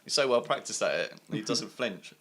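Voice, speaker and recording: A man's voice: lowish voice, lively intonation, normal speed, crowd noise. A man, a guest on a podcast, chatting casually about names and beers and laughing easily. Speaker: podcast guest, beer seller. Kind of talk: casual chat.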